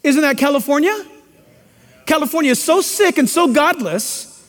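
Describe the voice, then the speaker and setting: A man's voice: very high voice, lively intonation, normal speed, a bit bright. A man preaching a sermon in a church, emphatic and preachy with joking asides. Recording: long hall reverb.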